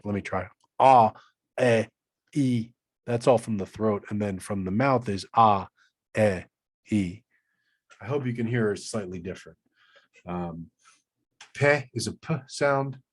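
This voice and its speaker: A man teaching a live online language class, patiently explaining and demonstrating each sound slowly. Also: medium pitch.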